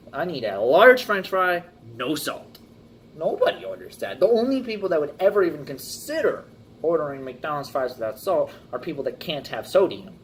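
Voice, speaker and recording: A man's voice: fairly high pitch, slight background noise. A man preaching a casual sermon, talking through everyday examples with rhetorical questions and acting out little scenes. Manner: animated, acts out customers in jumpy voices.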